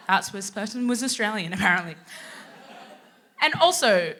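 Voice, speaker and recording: A woman's voice: mid-range voice, animated, moderate pace, pushed and bright. A woman guest telling a brash, swearing comic story on a live stage, full of punchy asides. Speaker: guest comedian.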